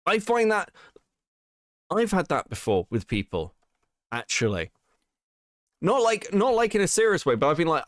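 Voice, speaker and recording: A male host rants through his commentary, exasperated and swearing freely. His voice sits a bit high and swings widely. The sound is dry and close. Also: wildly swooping pitch, brisk, no echo. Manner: exasperated, profane ranting. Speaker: stream host. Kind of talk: heated livestream commentary.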